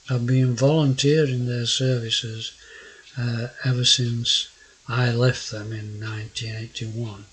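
An older man with a South Yorkshire accent talks slowly in a husky voice. His delivery is gruff, rambling and hesitant, full of fillers and false starts as he narrates his own nature vlog. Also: mid-range voice, low-quality recording. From South Yorkshire, England. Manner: hesitant, many fillers and restarts; gruff-sounding. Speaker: naturalist vlogger. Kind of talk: casual rambling narration over photos.

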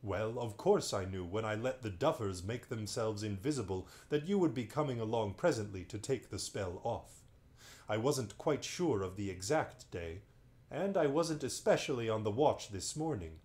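A man's voice: fairly low pitch, lively intonation, moderate pace, darkish tone, lightly acted. A man reading a bedtime story aloud, voicing a kindly, sleepy old male magician who is genial and chatty.

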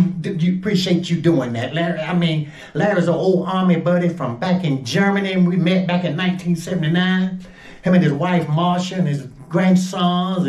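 An older man from Georgia talks casually to his viewers, excitable and full of exclamations. His voice sits a little high for a man. The sound bounces around an echoey room. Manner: chatty, excitable, exclaiming over the food. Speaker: home cook vlogger. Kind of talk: casual cooking chat to camera.

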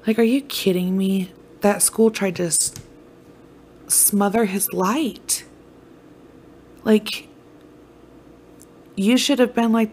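A woman's voice: medium pitch, slow pace, creaky, long pauses, slight background noise. A woman hosting a podcast, retelling a story in a casual, emotional way, full of fillers and swearing. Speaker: podcast host.

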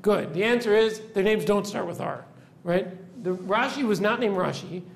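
A man who is a rabbi teaches students in a classroom lecture at normal speed, his voice high and creaky. Explaining step by step, he poses questions to the class and checks understanding with "right?" after most every point.

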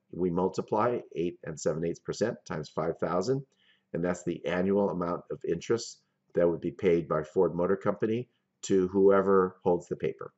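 A man with a very low voice lectures on finance and walks through each example step by step. The recording sounds dull and lo-fi. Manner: methodical, explains step by step with worked examples.

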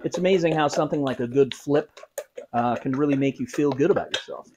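A man chatting through a cooking vlog in a home kitchen, his voice sitting at an ordinary middle pitch. He talks to the viewer casually and drops wry, self-mocking jokes between steps. A faint hiss of noise runs under him. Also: quick pace. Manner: joking, self-mocking asides while cooking. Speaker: cooking show host.

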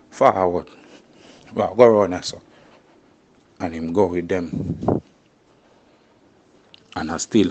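A young man with a Jamaican accent talks in thick patois during an informal interview. His voice sits low and a little husky. He keeps checking in with "you see me" and "you know" as he goes. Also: a little mellow. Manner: tags phrases with "you see me". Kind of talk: casual street interview.

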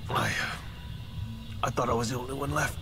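A man's voice: mid-range voice, fairly even intonation, natural voice. An actor playing a nervous male survivor who stammers and urges in a hurry. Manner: stammering, hurried pleading. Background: game music.

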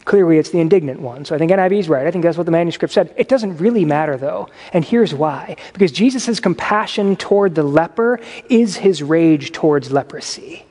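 A man delivers a sermon in a loose, conversational style and breaks into lively asides. His voice sits high for a man. It rings through a church hall with a long reverb tail. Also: fairly quick, hardly any pauses. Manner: conversational preaching with animated asides. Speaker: pastor. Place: church sanctuary.

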